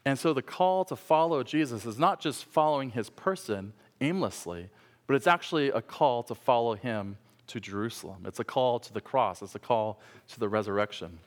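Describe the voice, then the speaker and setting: A man preaching a sermon, telling a story that swings from loud shouts to hushed, quiet passages. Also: mid-range voice, lively intonation, normal speed. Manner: storytelling, rising to shouts and dropping to hushed tones. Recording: long hall reverb.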